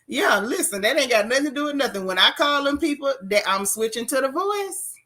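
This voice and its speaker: A woman hosting a casual chat stream, reading viewer comments aloud and reacting with sassy, animated commentary. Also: high-pitched, brisk. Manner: animated, sassy, reads chat aloud with jokes and put-on voices. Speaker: host reading live chat.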